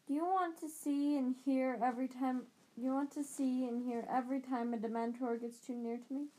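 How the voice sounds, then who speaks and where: A woman's voice: sits high, steady tone, brisk, warm tone, lightly acted, poor audio. Woman reading as a haunted teen boy, intense and upset. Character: haunted teenage schoolboy hero.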